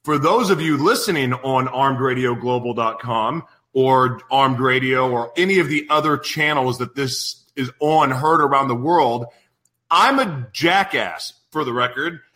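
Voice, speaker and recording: A man in his thirties hosting a live radio show, opening with a rambling, self-deprecating, excitable monologue. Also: mid-range voice, unhurried. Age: 30s. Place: studio in San Diego.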